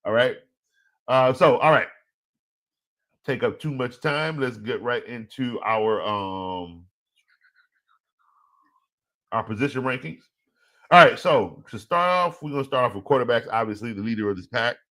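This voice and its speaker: A man's voice: mid-range voice, a little slow, long pauses. A man hosting a fantasy football show, talking casually, joking and laughing, with slang. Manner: animated, joking, laughs often, speaks in slang. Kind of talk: casual live-stream talk.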